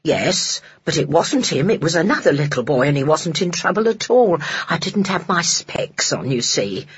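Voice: mid-range voice, very animated, normal speed, slightly rough, lo-fi sound. A narrator voicing a timid, apologetic elderly woman who looks after a family's children. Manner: hesitant, apologetic.

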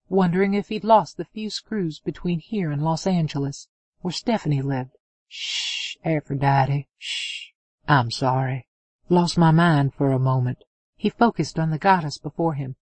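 Steady woman audiobook narrator, dry sound. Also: on the low side, breathy edge, no echo. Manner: steady, expressive reading. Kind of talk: scripted narration of an adult romance novel.

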